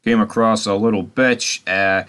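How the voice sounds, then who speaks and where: A man's voice: unhurried, smooth. A man giving a casual spoken recap of a TV season, ranting animatedly and swearing a lot. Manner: animated, sweary ranting with sudden jumps in pitch. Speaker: TV review host.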